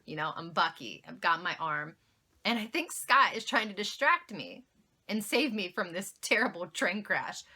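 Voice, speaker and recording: A woman's voice: mid-range voice, sharp tone. A young woman vlogger telling a story to camera in a casual way, laughing often and poking fun at herself.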